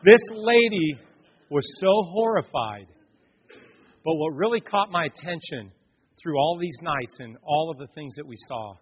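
Husky male preacher in an echoey hall. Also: a little high, expressive, normal speed. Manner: dramatic storytelling, swinging from loud to hushed. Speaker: pastor. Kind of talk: sermon. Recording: echoey hall, dull lo-fi sound.

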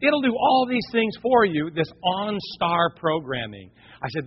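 A man's voice: high voice, very animated, unhurried, slight background noise. A man preaching a sermon in a folksy storytelling way, talking to his congregation as folks. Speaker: pastor. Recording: dull, echoey church hall recording.

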